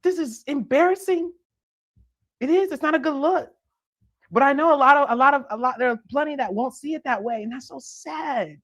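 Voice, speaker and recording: A woman's voice: sits high, normal speed, fairly bright tone. A woman hosting a live stream, delivering an indignant commentary rant with restarts and disbelieving laughter.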